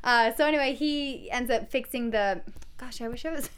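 A woman's voice: on the high side, normal speed, a little hiss or hum. A young woman co-hosting a podcast, recapping a TV episode in casual chat and acting out quoted lines in playful voices.

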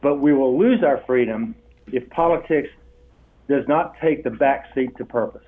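An older man with a drawl tells stories as an interview guest, bringing the people he quotes to life with laughter in his voice. His pitch sits mid-range for a man. The sound is tinny and thin, as if over a phone line. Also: moderate pace. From Texas. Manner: animated storyteller, acts out quoted voices with laughs. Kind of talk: storytelling interview.

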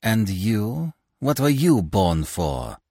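A man's voice: fairly low pitch, sing-song, slow, dark tone, no echo, clean studio sound, pitched above the performer's own voice, heavily acted. A man voicing a vain, dull young male actor who sneers with contempt. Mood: sneering.

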